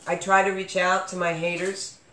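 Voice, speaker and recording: A man's voice: high-pitched, completely flat delivery, normal speed, bright, forceful tone. A man hosting a casual podcast chat, rambling with lots of fillers and restarts. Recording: echoey room with faint noise.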